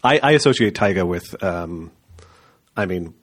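Rambling low-voiced man on a podcast. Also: animated, measured pace, breathy edge. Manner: rambling, profane, full of fillers and restarts. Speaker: podcast co-host. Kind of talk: casual podcast chat.

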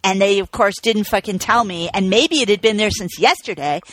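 A woman co-hosting a casual podcast in a voice of middling pitch, recorded with a dry, close sound. She tells stories with animated venting and frequent swearing. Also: fairly quick, no room sound. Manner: animated, profane storyteller who vents with laughs. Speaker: podcast co-host.

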